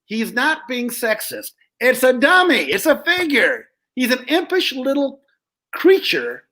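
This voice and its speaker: A man, a ventriloquist guest, telling show-business stories in an animated, chatty way. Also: very high-pitched, unhurried. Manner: animated storyteller, chuckling at old jokes. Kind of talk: casual interview chat.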